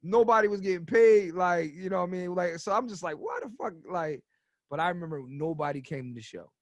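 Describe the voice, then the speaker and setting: A man in his thirties, a comedian guest telling stories on a podcast in a casual, animated way, swearing freely and getting loud as he goes. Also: high-pitched, fairly quick, dry recording, studio quality. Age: 30s.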